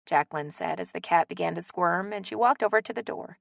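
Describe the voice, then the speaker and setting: Woman reading an audiobook, really lively up and down, dry close sound. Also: on the low side, a little fast, gravelly, few pauses, no echo, lo-fi sound. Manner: expressive. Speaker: audiobook narrator. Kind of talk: scripted narration.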